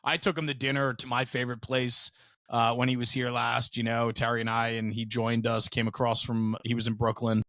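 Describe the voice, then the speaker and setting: Male podcast host, mid-pitched, easygoing interviewer, dry studio mic. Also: flat delivery, a little fast, sharp tone, no room sound. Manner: encouraging interviewer, reflective asides. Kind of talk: casual podcast chat.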